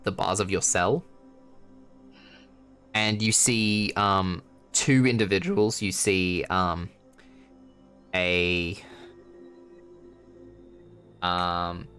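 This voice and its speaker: Low-voiced man running a tabletop game. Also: sharp tone. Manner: casual, rambling, filler-heavy narration with swearing. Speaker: game master.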